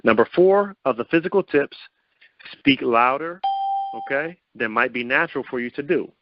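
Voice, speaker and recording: A man's voice: moderate pace, background noise. Male call host with a mid-range voice, upbeat and quizzing his audience with rhetorical questions; lo-fi, dry call audio. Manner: upbeat coaching tone, asks listeners many rhetorical questions; lively pitch swings to show vocal variety. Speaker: host of a confidence coaching call. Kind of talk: motivational teleconference talk.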